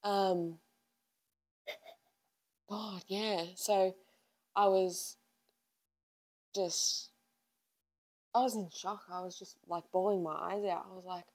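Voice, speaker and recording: A woman's voice: medium pitch, steady tone, slow pace, pauses often, darkish tone, low-quality recording. A woman in her twenties, co-hosting a podcast in casual chat and telling a personal story in a chatty way, acting out her own past lines. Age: 20s. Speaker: podcast co-host.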